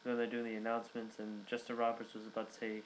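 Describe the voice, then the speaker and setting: A man's voice: fairly low pitch, completely flat delivery, fast talker, a little hiss or hum, poor audio. Rambling man recapping casually. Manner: rambling, many fillers and restarts. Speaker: wrestling reviewer.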